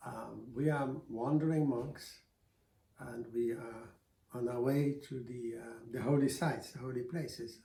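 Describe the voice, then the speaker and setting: A man voicing a calm, kindly older monk in a spoken folk tale, gentle with small pauses. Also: mid-range voice, vocal fry, echoey room, poor audio.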